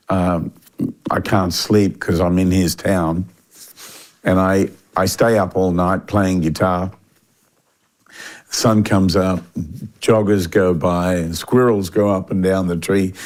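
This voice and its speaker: An older man with a fairly low voice recounts a story in a casual interview. He talks animatedly, stumbling and restarting as he goes, filling the gaps with "uh" and "um". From Australia. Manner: animated anecdotal delivery with frequent fillers and restarts. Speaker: interview guest.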